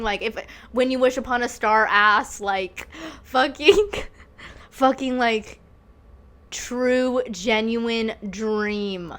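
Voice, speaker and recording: A woman's voice: a little high, fairly bright tone. A young woman hosting a solo podcast, talking casually and confessionally, swearing and laughing through emotional stories. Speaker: podcast host.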